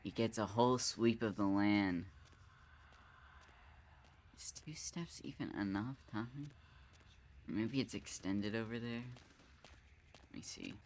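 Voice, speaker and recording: Male game streamer, unhurried delivery, curses freely and mocks himself while talking through gameplay; faint background hiss. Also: lowish voice. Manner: thinks aloud, swears often, self-mocking. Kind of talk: live gameplay commentary.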